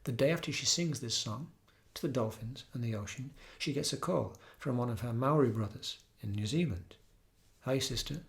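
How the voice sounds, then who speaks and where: A man's voice: mid-range voice, moderate pace, gravelly. Earnest man giving a reflective talk. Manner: earnest, storytelling, breaks into soft singing. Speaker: yoga teacher.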